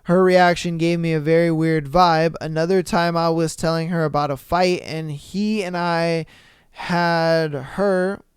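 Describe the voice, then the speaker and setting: A man's voice: fairly high pitch, steady tone, measured pace, clear, resonant tone, no room sound, clean studio sound. A man hosting a podcast who reads a listener's story aloud, then comments on it bluntly and animatedly, swearing casually. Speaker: podcast host.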